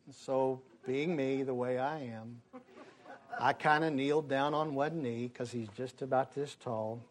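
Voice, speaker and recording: A man's voice: mid-range voice, a little slow. A man telling a personal story to an audience, acting out the people in it. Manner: animated, acts out the people in his story.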